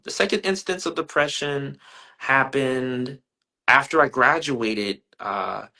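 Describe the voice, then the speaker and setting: Bright-voiced reflective male artist. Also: medium pitch. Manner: earnest, thoughtful, animated when telling stories. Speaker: artist interview guest. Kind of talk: reflective interview answers.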